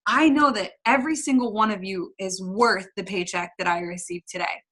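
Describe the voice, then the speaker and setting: A woman's voice: medium pitch, normal speed, fairly bright tone. A young woman coaching her team on a video call, with an emphatic, repetitive motivational style. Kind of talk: motivational pep talk.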